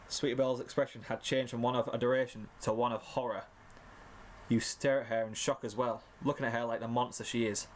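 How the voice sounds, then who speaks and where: Man, story narrator, mock-dramatic, average pitch, faint background hiss. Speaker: fanfiction reader.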